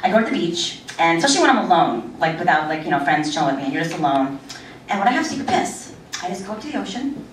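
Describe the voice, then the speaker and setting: A woman's voice: lowish voice, sing-song, rapid-fire. A woman in her thirties doing a crude, rambling stand-up set in a small club, laughing at her own jokes. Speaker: stand-up comedian. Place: small club with a live audience. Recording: echoey room recorded from far off, crowd noise. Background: audience chatter and laughter.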